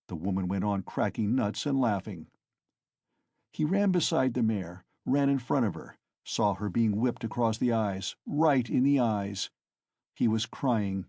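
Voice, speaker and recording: A man narrating a classic novel as an audiobook, in a measured, dramatic way. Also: mid-range voice, dark tone, husky, no echo, studio quality.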